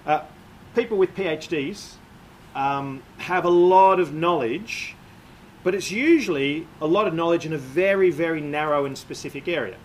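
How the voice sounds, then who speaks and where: Man preaching a measured sermon, slightly high. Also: slight background noise, low-quality recording. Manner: measured, explanatory, frequent "uh" and "um" fillers.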